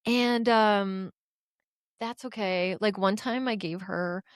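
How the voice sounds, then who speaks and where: A woman's voice: medium pitch, takes it slowly, clear, resonant tone, dry recording. A woman co-hosting a podcast, telling a story in casual chat, acting out the dialogue, swearing and laughing often. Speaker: podcast co-host.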